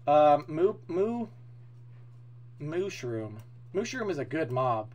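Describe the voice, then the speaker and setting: A man streaming live, chatting casually with his viewers, excitable and opinionated, swearing freely as he talks. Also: fairly high pitch, takes it slowly.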